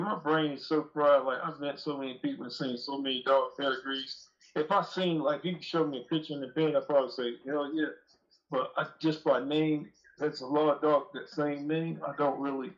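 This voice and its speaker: A man as an interview guest, telling long, rambling, profane stories in rough street talk. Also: a little high. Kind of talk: casual storytelling interview. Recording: dull lo-fi audio.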